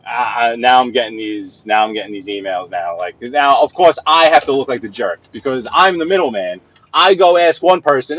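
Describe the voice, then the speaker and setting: With a mid-range, fairly bright voice, a man talks fairly quickly as he drives, ranting to chat on a live vlog and repeating himself in exasperation. He works as a livestreamer and sales rep. The audio is dull, with no echo.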